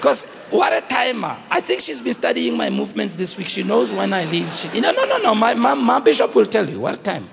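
A man's voice: high voice, wildly swooping pitch, a little fast, creaky, hardly any pauses, a little hiss or hum. A man preaching a sermon as pastor in a church hall, pleading and storytelling with passion. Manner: impassioned preaching with personal storytelling. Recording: long hall reverb.

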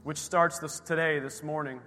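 Man, pastor; bright and forceful voice, with a long echo in the church hall. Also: a little high, steady tone, moderate pace. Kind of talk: church address. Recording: reverberant church hall with music.

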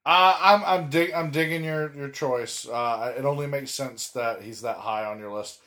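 A man co-hosting a casual wrestling podcast, talking animatedly with emphatic, drawn-out words and frequent restarts. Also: mid-range voice, pushed and bright. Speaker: podcast co-host.

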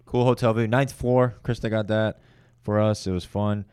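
A man's voice: on the low side, fairly even intonation, normal speed, a little mellow, smooth, no room sound. A man hosting a podcast, rambling loosely in casual chat and tripping over his words. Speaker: comedian podcast host.

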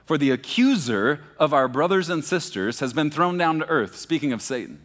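A pastor from Texas preaching a sermon, moving between hushed, slow emphasis and animated, emphatic passages. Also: male voice, a little high. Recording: long hall reverb.

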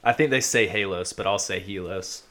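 A man co-hosting a podcast in casual chat, spinning excited fan theories in a blunt, profane way. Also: low-pitched, moderate pace. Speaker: podcast co-host.

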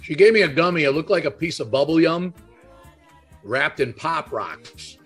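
A man's voice: a little high, lively intonation, normal speed, fairly bright tone. A middle-aged man in a loose podcast chat. He tells rambling stories, swears freely and leans on "you know" and "I was like". Faint music plays behind him. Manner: profane storytelling, lots of "I was like" and "you know". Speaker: podcast co-host. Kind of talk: casual chat.

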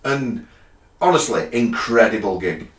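A man's voice: lowish voice, expressive, a little slow, slight background noise. A middle-aged man, chatting casually and telling stories full of swearing and quoted lines. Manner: swears a lot, tells stories with acted quotes. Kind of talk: casual chat about gigs. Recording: roomy, far from mic.

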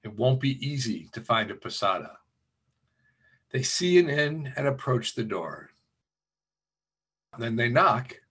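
A man's voice: mid-range voice, a bit bright, breathy edge. A man, the minister, telling a Christmas story during a church service and lightly voicing the characters.

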